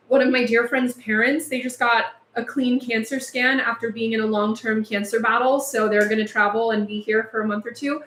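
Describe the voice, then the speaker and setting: A woman's voice: a little high, a bit bright, echoey room, a little hiss or hum. A woman hosting a livestream, chatting casually and speaking out with passion, overheated in a house with no air conditioning. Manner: impassioned, chatty, laughs between points. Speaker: livestream host.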